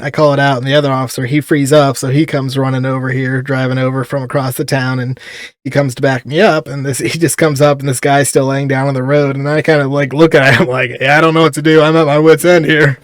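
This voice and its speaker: A man's voice: medium pitch, steady tone, moderate pace, dry recording, clean studio sound. Man telling cop stories with frequent laughs. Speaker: police officer guest. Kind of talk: casual podcast storytelling.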